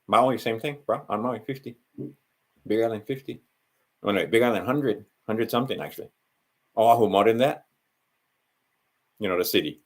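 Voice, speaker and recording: Animated and on the low side, the channel host speaks at a moderate pace with long pauses. In a Hawaiian Pidgin accent he rambles through a solo monologue, correcting himself and tossing in asides to the listener.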